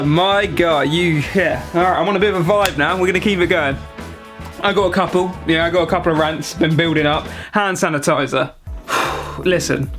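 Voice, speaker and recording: Young british guy ranting at the camera, bit high voice, faint music under it. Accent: British English. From Britain. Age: young adult. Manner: animated, exaggerated ranting with mock outrage. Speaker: vlogger. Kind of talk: comedic rant to camera.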